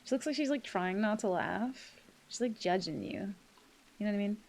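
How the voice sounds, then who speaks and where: A woman streaming a game live, talking casually to her chat as she plays. Her voice sits in an ordinary middle pitch, and she swears freely and laughs easily, with a faint hum of noise behind her. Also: lively intonation, normal speed, creaky, a little mellow.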